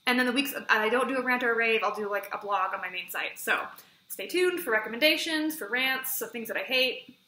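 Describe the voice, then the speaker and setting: A woman chats through a book review for her vlog, excitable and peppering every sentence with "like". Her voice is bright and forceful and sits a little high. The recording rings with the echo of a room at home. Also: brisk. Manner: chatty, fillers of "like", excitable retelling. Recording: echoey room.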